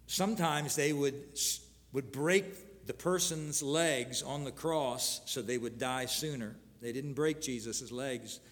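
A man preaching a sermon, earnestly reading scripture aloud with pauses and restarts. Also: medium pitch, long reverb tail. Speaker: pastor.

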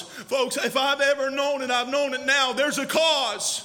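Young guy preaching loud and fired up, high bright voice, long hall echo in the church. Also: level tone, measured pace, few pauses. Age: young adult. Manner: fiery, shouting preacher with repeated phrases. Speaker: pastor. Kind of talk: sermon. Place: church sanctuary.

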